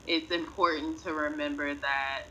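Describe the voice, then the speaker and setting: A woman reading a prepared class presentation in an earnest, measured way. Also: deep voice, fairly even intonation, sharp tone, a little hiss or hum, low-quality recording. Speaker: student presenter.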